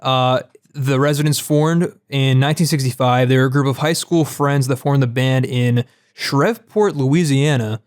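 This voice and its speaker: A young man in easygoing podcast conversation. He talks in a relaxed, unhurried way and laughs often. His voice sits at an ordinary middle pitch and comes across dry and close, with little room sound. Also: no echo. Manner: laid-back, laughs often, swears casually. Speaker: podcast co-host. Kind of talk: casual music podcast chat.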